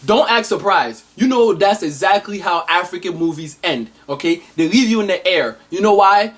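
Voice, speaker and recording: A woman's voice: on the low side, expressive, normal speed, hardly any pauses. A woman narrating a comedic movie spoof in a chatty, sarcastic tone, talking straight to the listener. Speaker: comedic storyteller.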